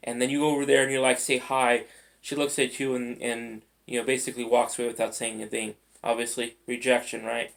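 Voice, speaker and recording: A man's voice: mid-range voice, flat delivery, fast, gravelly. A man mentoring listeners in a casual, conversational motivational talk, acting out everyday scenarios as he goes. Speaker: life mentor.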